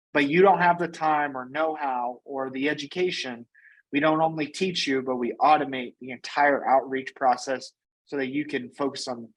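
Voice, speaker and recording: A man being interviewed as a guest, telling his business story in a casual, energetic way and often tagging on "right?" and "you know". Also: medium pitch, poor audio. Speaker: guest, company founder and CEO.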